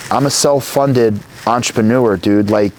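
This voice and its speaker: A man in his thirties from New Jersey, a company founder talking as an interview guest, who rambles and swears as he tells animated stories. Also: medium pitch, a little slow, slight background noise. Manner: rambling, profane, animated storytelling. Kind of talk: casual interview conversation.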